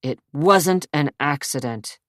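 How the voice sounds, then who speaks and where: A woman's voice: sits low, slow, fairly bright tone, dry recording, studio quality. A woman reading an audiobook, voicing a brooding young man who speaks in curt, bitter, sarcastic bursts. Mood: harsh.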